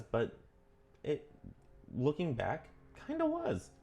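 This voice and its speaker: A man casually talking through a witchcraft book on his vlog, earnest and self-correcting, often drifting onto tangents, his pitch jumping up when he gets emphatic. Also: measured pace, darkish tone, faint music behind. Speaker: vlogger reading and commenting on a witchcraft book. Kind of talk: casual rambling vlog commentary.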